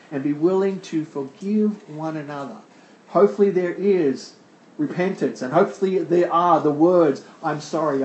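A man's voice: on the high side, darkish tone, roomy sound, low-quality recording. A man preaching a sermon verse by verse, who asks the congregation rhetorical questions and answers them himself. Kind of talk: sermon explaining a scripture passage.

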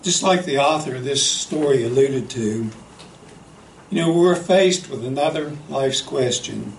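A man preaching a sermon, telling a story in an earnest, unhurried way and often saying "you know". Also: medium pitch, vocal fry, a little hiss or hum. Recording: echoey hall, faint ambience.

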